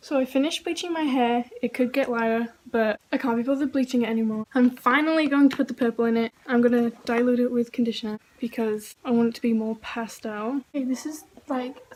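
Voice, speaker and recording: A woman's voice: on the high side, steady tone, brisk, hardly any pauses, a little mellow. A young woman in a casual home vlog, talking chattily with lots of "like" and casual swearing. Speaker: vlogger. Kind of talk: casual hair-dye vlog. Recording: faint noise, mic a bit far.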